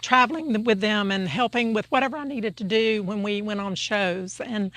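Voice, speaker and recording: A woman's voice: mid-range voice, moderate pace, fairly bright tone. A woman, a longtime family friend, telling fond, light-hearted stories in a chatty way. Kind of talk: casual storytelling.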